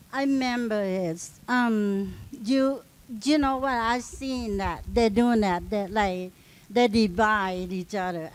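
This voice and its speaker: On a live-event panel, a middle-aged union member recounts a story, animatedly performing the dialogue she quotes. Her voice is a little high, and the recording is low quality.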